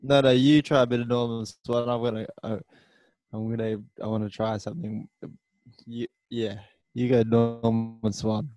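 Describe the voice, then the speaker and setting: A man's voice: medium pitch, flat delivery, moderate pace, darkish tone, dry recording, faint music behind. A man co-hosting a podcast in casual chat, chiming in with teasing interjections.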